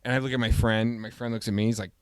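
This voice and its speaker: A man hosting a podcast, casually telling a story and acting out the voices with loud exclamations. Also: mid-range voice, level tone, racing, clear, resonant tone, dry recording, studio quality. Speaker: podcast host.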